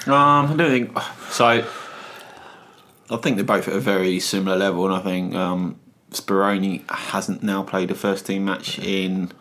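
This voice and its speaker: A man co-hosting a football podcast, giving dry, measured analysis. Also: low voice, fairly even intonation, a bit bright. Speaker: podcast co-host. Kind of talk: casual football chat.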